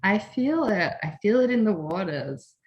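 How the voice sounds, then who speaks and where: A woman's voice: mid-range voice, sing-song, a little slow, lo-fi sound. A woman hosting a podcast, chatting casually and effusively, often laughing and emotional. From Australia. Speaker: podcast host. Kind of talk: casual chat.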